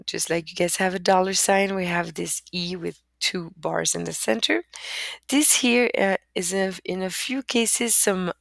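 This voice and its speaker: Woman, language teacher, patient and repetitive, low voice, dry sound. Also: unhurried, creaky, no room sound. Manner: patient, repeats words and says "okay" often. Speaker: French teacher. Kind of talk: online language lesson.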